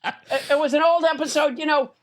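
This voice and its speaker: A woman hosting a comedy podcast, rambling and giggly, with halting restarts. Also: high-pitched, steady tone. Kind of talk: comedic banter.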